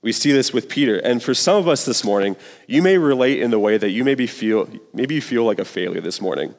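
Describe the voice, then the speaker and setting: A young youth pastor in his twenties gives a relaxed, chatty sermon full of asides. His voice sits in a middle pitch, and the long reverb of a large church hall trails after each phrase. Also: a little fast. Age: 20s. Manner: casual, conversational, with fillers and asides. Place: church sanctuary.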